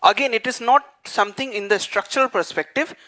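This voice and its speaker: A man teaching a class, dictating notes and repeating phrases slowly so students can write them down. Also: extremely high pitch, sharp tone. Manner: frequent fillers like "what you call" and "okay". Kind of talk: dictated lecture.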